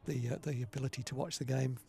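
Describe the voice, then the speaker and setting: A man's voice: mid-range voice, steady tone, quick pace, creaky, mellow. A middle-aged man, a retired player giving chatty, wry co-commentary on live cricket. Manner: chatty, wry, musing asides.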